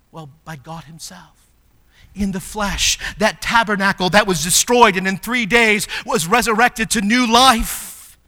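High-voiced preacher in an echoing church. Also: male voice, unhurried. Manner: swings from soft and low to loud and emphatic. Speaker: pastor. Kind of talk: sermon. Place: church sanctuary. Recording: long hall reverb.

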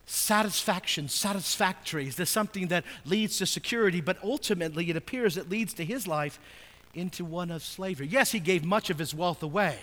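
A man preaching a sermon in a church sanctuary, his voice high and bright. He drops to hushed, low asides and then rises into loud, emphatic readings of scripture. The sound rings with the long reverb of a large hall. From United States. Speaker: pastor.

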